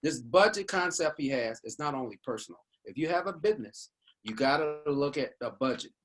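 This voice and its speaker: A man's voice: fairly high pitch, expressive, brisk. An older man on a video call panel, affirming and encouraging others. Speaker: panel guest. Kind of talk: casual video call chat.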